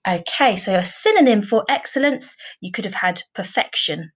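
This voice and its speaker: A woman teaching a primary school class in a recorded online lesson, speaking clearly and patiently, often adding tag questions. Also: medium pitch, expressive, normal speed, poor audio.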